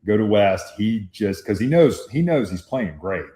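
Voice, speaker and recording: Animated football dad on a call. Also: male voice, fairly low pitch, moderate pace, reverberant. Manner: animated storyteller, acts out voices in quotes, laughs often. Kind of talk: casual storytelling on a call. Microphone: phone on a video call.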